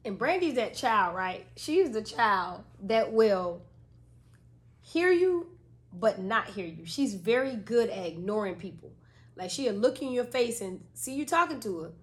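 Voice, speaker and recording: A woman in her thirties co-hosting a podcast, telling family stories in a casual, animated way and laughing often. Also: mid-range voice, unhurried. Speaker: podcast co-host. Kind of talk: casual chat.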